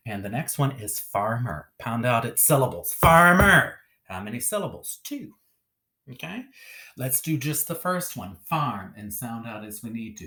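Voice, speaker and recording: A man teaches a phonics lesson on video using a lively, sing-song teacher voice and often asking "okay?". His pitch is medium.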